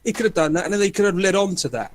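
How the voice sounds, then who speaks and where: Man, fast and animated, slightly high voice, swears a lot. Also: slight background noise. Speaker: podcast panelist. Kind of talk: casual chat.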